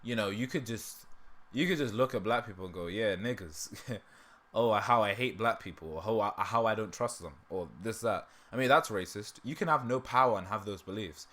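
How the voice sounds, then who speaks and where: A man's voice: fairly low pitch, a little fast, a bit bright. A man hosting a livestream in casual, rambling chat, laughing often and breaking off mid-sentence, with a sore throat. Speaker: livestream host.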